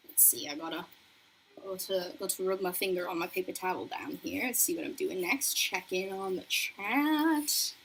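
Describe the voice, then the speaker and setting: Hosting a makeup livestream, a young woman reads viewer comments aloud in a bubbly, talkative way while she does her makeup. Her voice is mid-range, and the low-quality recording carries a bit of hiss or hum.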